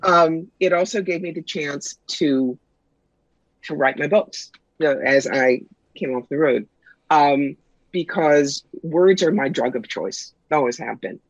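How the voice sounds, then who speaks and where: A middle-aged woman, a guest psychic and author, telling stories in a brisk, wry, punchy way in a casual interview. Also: low voice, no echo. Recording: dull lo-fi sound, dry.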